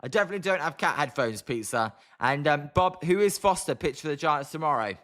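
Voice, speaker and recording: British man, live-stream baseball caller. Bright, slightly high voice, chatty and relaxed. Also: fairly quick. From Britain. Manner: chatty, greets viewers by name between pitches. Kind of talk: casual live play-by-play and chat reading.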